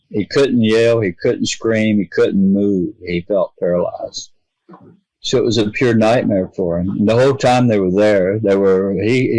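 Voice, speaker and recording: A middle-aged man from the United States, a podcast guest telling a long personal story in an earnest, halting way, voicing the people in it. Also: fairly low pitch, warm tone, dry recording, low-quality recording.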